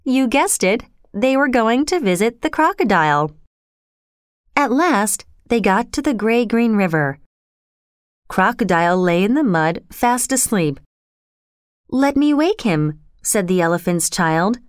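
A woman reading a children's storybook aloud in an expressive, storytelling way. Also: medium pitch, unhurried, clear, resonant tone, no echo, clean studio sound. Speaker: narrator.

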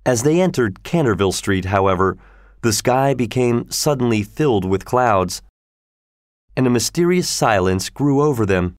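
Male storybook narrator, mid-pitched, steady and measured, dry booth sound. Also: no echo. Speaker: audiobook narrator.

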